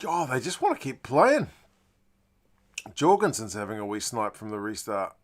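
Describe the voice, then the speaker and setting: Guy doing a live rugby watch-along, chatty play by play, gets super loud and swears a bit when stuff happens. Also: mid-range voice, normal speed. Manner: chatty play-by-play that bursts into loud excited shouts and mild swearing. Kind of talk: live sports reaction commentary.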